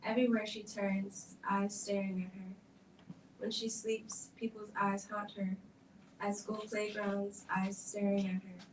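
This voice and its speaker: A woman's voice: mid-range voice, little pitch movement, slight background noise. Woman reading a script in an echoey hall. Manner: measured, level narration. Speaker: reader at a film event. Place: event hall. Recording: echoey room, distant mic.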